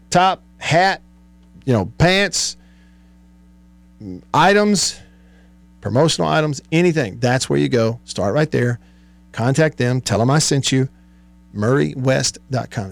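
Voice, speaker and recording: A man's voice: medium pitch, vocal fry, dry recording. A man hosting a sports radio show in a studio, chatting casually, reading listener texts and laughing often. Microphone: studio microphone.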